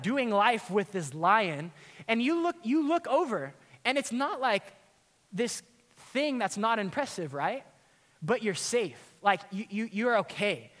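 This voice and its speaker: Male pastor, high voice, lively conversational sermon, long hall echo. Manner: animated, conversational preaching with many fillers.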